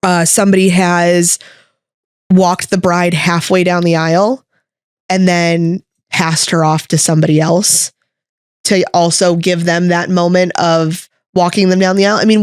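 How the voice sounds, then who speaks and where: A woman co-hosting a podcast as a wedding videographer, telling stories in an animated, casual way. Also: measured pace, no room sound, studio quality. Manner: animated storyteller, jumps up high when excited. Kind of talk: casual chat.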